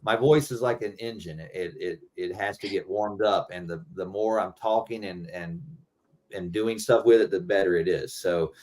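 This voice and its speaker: Low-voiced man in loose casual chat. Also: normal speed, a little mellow. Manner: loose, rambling, swears freely. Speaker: guest musician.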